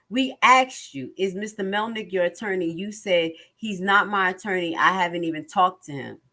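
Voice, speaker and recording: A woman's voice: fairly low pitch, expressive, measured pace, pushed and bright. A woman reading court transcripts aloud and commenting on them emphatically, often asking her viewers questions. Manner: emphatic, repeats phrases, asks viewers questions.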